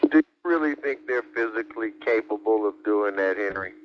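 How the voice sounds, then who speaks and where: Calm man on lo-fi ham radio. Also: on the low side, brisk. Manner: calm, questioning, hesitant. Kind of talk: on-air radio chat. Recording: dull lo-fi ham radio transmission.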